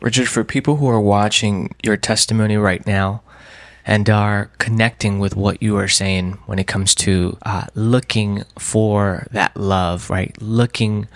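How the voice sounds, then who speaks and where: A man interviewing a guest, asking gentle, brief questions with a few fillers. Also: on the low side, fairly even intonation, a little slow, no echo.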